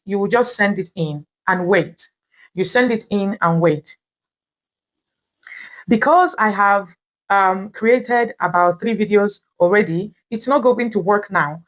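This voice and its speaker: A woman with a Nigerian accent hosting a how-to tutorial, explaining each step patiently and repeating herself. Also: mid-range voice. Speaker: tutorial host. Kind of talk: screen-recorded how-to tutorial.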